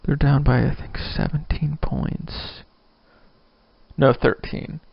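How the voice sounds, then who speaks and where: On his casual solo podcast, a drunk man in his 20s rambles on and mocks himself. He talks slowly with huge pitch swings, his medium-pitched voice creaky and husky. The recording is dry and lo-fi.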